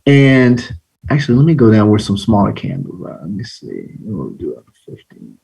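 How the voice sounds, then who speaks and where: A man giving a live online trading lesson, telling animated, slangy stories. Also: on the low side, normal speed, gravelly, husky. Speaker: trading instructor.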